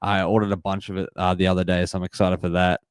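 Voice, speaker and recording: A man in his twenties with an Australian accent, hosting a live sports watch-party stream and chatting excitedly while reading out and greeting viewers from the chat. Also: deep voice, quick pace, clear, resonant tone, no echo. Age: 20s. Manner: upbeat, reads and greets chat viewers, repeats phrases. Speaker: livestream host.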